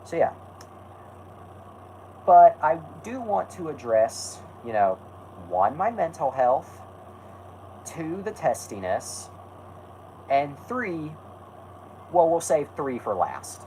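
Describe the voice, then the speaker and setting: A man's voice: fairly high pitch, big pitch swings, takes it slowly, long pauses, mellow, slight background noise, poor audio. A man hosting a live stream, talking casually and rambling, correcting himself and snapping back at his chat.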